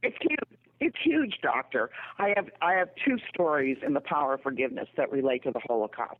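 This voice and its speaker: A woman who writes books, calling into a radio interview. She tells her stories slowly and earnestly. Her voice comes through a tinny, phone-like line. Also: low-pitched, expressive. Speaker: author and radio guest.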